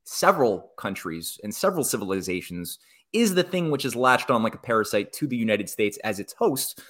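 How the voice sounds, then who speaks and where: A male guest giving political commentary in conversation, rambling with frequent restarts and animated asides. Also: on the low side, fairly quick.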